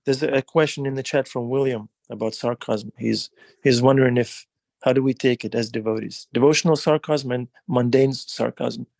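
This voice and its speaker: A man moderating a devotional class, thanking the speaker and passing on questions warmly. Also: medium pitch, fairly even intonation, moderate pace, gravelly, no room sound.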